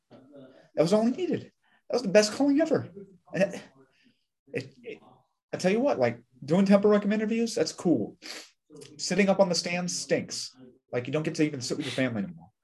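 A man's voice: medium pitch, a little mellow. A middle-aged man telling candid, joking stories as a podcast guest. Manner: candid and joking, with wry asides. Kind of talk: casual conversational storytelling.

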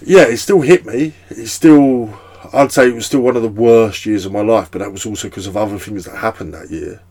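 A man's voice: on the low side, a little fast, darkish tone. A young man hosting a podcast, chatting casually in a rambling way with lots of fillers and swearing. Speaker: podcast host. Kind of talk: casual chat.

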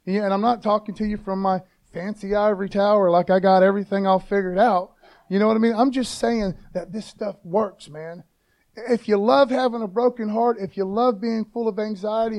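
A man delivers a sermon in a relaxed, conversational way, sprinkling in slang and calling his listeners "man." His voice sits high for a man, and he builds to loud, emphatic readings of scripture. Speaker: pastor.

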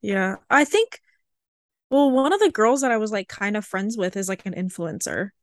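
A young woman in her twenties talks casually with a friend on a podcast. She tells stories in an animated, chatty way with lots of fillers. Her voice sits at a middle pitch, and the recording is dry and close. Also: moderate pace, no room sound. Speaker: podcast co-host. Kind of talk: casual chat.

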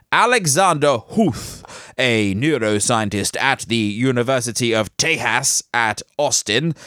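A man's voice: medium pitch, fairly bright tone, no echo, clean studio sound. A man hosting a podcast, reading news items and breaking off into jokey, rambling asides, laughing at himself. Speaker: podcast host.

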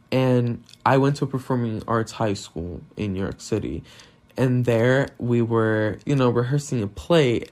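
A man's voice: mid-range voice, darkish tone. Candid young man with a non-native accent. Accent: non-native English accent. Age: young adult. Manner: candid, self-deprecating, swears often. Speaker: podcast host. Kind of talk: casual solo monologue.

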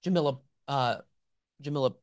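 A male host giving opinionated political commentary, sarcastic and animated, with mocking asides. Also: medium pitch, normal speed, a little hiss or hum.

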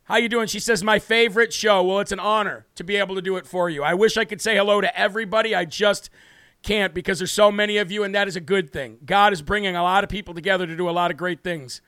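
A man's voice: high-pitched, steady tone, fast talker, pushed and bright, clear, resonant tone, no room sound, clean studio sound. A man from the United States hosting a political livestream in a brash, emphatic way, reading out viewer comments and hammering key words. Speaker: host of a political livestream show. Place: home studio with a city view behind him.

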